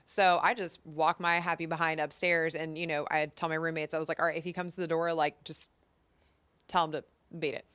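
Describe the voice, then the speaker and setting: A woman in her thirties with a slightly low voice chats casually as a talk show co-host. She tells stories with animation, acting out the quotes of the people in them. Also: a little fast, clear, resonant tone. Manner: animated storyteller, acts out quotes. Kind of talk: casual chat.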